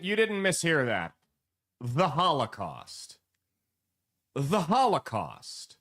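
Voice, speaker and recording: A man hosting a political commentary show, animated and sarcastic, mocking the people he quotes. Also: high voice. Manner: animated, sarcastic, mocking voices when quoting.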